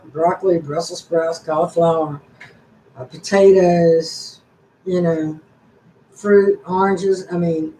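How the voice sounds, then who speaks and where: A woman's voice: lowish voice, dark tone, a little hiss or hum. An older woman hosting a casual live-stream chat, rambling along in a folksy, chatty way. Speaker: channel host. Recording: echoey room.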